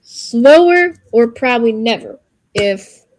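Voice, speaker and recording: Earnest woman streamer, higher voice. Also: lively intonation, slow pace, darkish tone. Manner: earnest and reassuring, rambling and searching for words. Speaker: livestreamer. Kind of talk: casual livestream pep talk.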